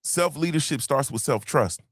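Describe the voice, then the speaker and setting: A man's voice: on the high side, expressive, normal speed, no echo, studio quality. Man preaching self-discipline on a stream. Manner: preachy, repeats lines for emphasis, "you feel me"; swears casually. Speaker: podcast host. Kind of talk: motivational livestream talk.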